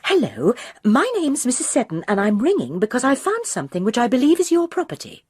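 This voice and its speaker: A woman's voice: a little high, wildly swooping pitch, fairly quick, a little mellow, breathy edge, no echo, clean studio sound, voice pushed up, exaggerated voice. A woman doing an earnest amateur sleuth.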